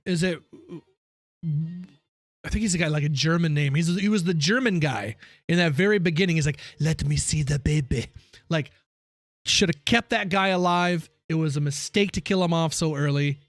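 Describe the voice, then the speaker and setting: A man's voice: a little high, moderate pace, dry recording. A young man chatting casually with his viewers during a game live stream. He is chatty and opinionated, ranting with slangy asides.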